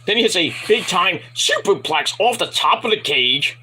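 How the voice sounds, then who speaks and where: A man's voice: high voice, expressive, normal speed, bright, forceful tone, slightly rough, rough recording. A man giving a casual, rambling wrestling review from home at night, profane and frustrated.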